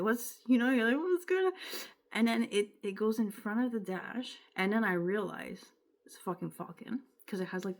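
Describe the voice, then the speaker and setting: A young woman from Quebec with a Quebec French accent, telling a rambling, emotional personal story in a casual vlog. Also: lowish voice. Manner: rambling, emotional, with filler words and self-interruptions. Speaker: vlogger.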